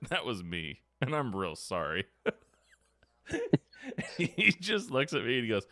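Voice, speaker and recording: A man's voice: fairly low pitch, sing-song, measured pace, pauses often, bright, forceful tone, no room sound, studio quality. A man hosting a podcast, telling a story in casual chat, acting out quotes and swearing freely. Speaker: podcast host. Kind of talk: casual chat, animated anecdote.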